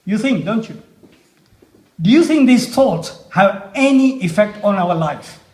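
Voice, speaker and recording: Slow, lively-pitched man speaking on stage. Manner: slow, deliberate, rhetorical questions. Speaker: motivational speaker. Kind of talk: inspirational talk to an audience. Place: music festival stage. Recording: echoey live stage sound.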